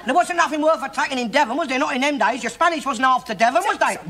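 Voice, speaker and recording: An actor playing a blustering, opinionated older Cockney man in a 1970s sitcom, loud and full of swearing. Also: extremely high pitch, quick pace, a crowd in the background. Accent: London Cockney. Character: blustering bigoted older London working man. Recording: old TV recording with hiss.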